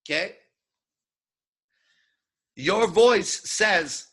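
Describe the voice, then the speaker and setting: A man's voice: on the high side, very animated, normal speed, gravelly, pauses often, sharp tone, breathy edge. A man giving a live lecture as a seduction coach, profane and playful, acting out his examples.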